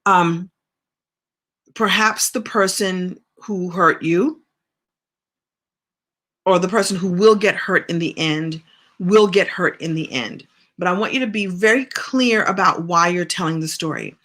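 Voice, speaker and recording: A woman's voice: lowish voice, unhurried, pauses often, a bit bright. A middle-aged woman coaching in a casual live stream, chatty and encouraging as she answers viewer comments. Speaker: business and writing coach.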